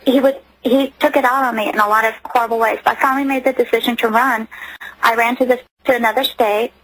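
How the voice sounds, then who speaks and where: A woman's voice: on the high side, fairly bright tone, no room sound, rough recording. Earnest woman telling her story. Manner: earnest, emotional storytelling with many restarts. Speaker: interview guest. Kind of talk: personal testimony in a radio interview.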